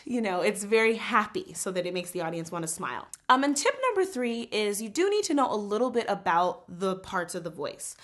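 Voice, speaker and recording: A woman teaching a casual singing lesson, animated and explaining with quick spoken and sung examples. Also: medium pitch.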